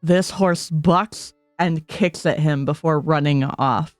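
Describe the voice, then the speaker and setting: A woman narrating as game master of a tabletop game, calm and steady with small hesitations. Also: low voice, slow pace, hardly any pauses, no echo, studio quality, soft background music.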